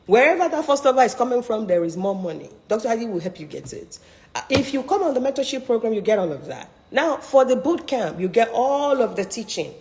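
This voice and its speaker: A middle-aged woman coaching on careers, talking in an emphatic, persuasive, almost preacher-like way. Her pitch sits fairly high and swoops widely. Her voice rings out with a long, echoing reverb. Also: very animated, a little fast, a little mellow, a little hiss or hum. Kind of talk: live online coaching talk.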